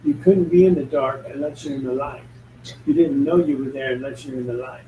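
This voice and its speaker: Man, spiritual medium, casual talk, blunt and joking, mellow tone, roomy echo, far from the mic. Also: mid-range voice, a little fast. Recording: echoey room, distant mic, faint noise.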